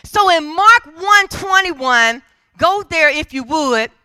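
A woman preacher delivers a fervent church sermon, driving her points home by repeatedly calling on the congregation to answer in emphatic call-and-response style. Her very high voice rings bright and forceful, with lively intonation and a slow pace. The recording is dry and close.

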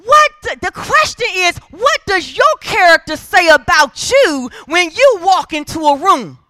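Speaking at a measured pace, a woman preaches in church with a very high-pitched, sing-song voice that sounds pushed and bright. She hammers her points with repeated calls for the congregation's agreement, in an emphatic call-and-response manner. The recording is dry.

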